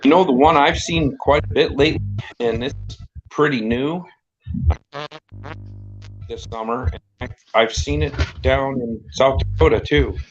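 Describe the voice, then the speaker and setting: A man's voice: mid-range voice, a little slow, pauses often, soft background music. A man hosting a casual talk show, telling rambling anecdotes and acting out the people in them. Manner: rambling storyteller who acts out quoted dialogue. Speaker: podcast host. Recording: dull lo-fi audio with faint noise.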